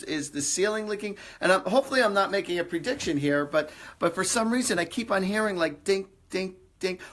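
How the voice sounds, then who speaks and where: This psychic medium host's voice is on the high side, with vocal fry. On his live stream he gives readings in a rambling, conversational way, leaning heavily on fillers.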